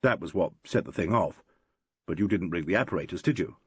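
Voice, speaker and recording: A composed, dryly humorous detective speaks low and evenly, reassuring without fuss, as a male narrator takes his part. The voice is husky and close in a dry room. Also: brisk, dry recording. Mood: matter-of-fact. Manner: matter-of-fact, steady, lower.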